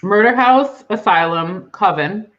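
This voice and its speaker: A woman co-hosting a podcast, chatting casually, agreeable and expressive. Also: medium pitch, measured pace. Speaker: podcast co-host. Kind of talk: casual chat. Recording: dull lo-fi sound.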